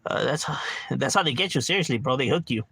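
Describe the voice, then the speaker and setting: A man's voice: mid-range voice, expressive, quick pace, creaky, a bit bright, slightly rough, no echo. A middle-aged man streaming a game from home, ranting casually with lots of profanity and constant "bro.". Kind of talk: casual livestream rant.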